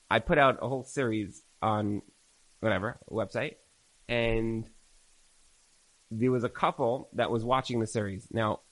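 A man teaching a recorded Torah class, telling stories in an animated way and repeating phrases for emphasis. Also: medium pitch, rough recording. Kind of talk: recorded religious class lecture.

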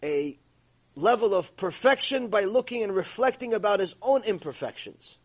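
A man teaching a long religious lecture, telling stories in an animated way and acting out the voices. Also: high voice, normal speed. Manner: animated storytelling, acts out voices.

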